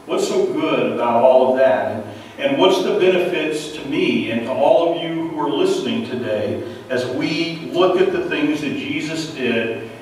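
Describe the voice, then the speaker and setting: A man's voice: medium pitch, a little hiss or hum. A middle-aged man preaching a sermon as pastor, stressing points with rhetorical questions and repetition, in what sounds like a church sanctuary. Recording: echoey hall, voice from a distance.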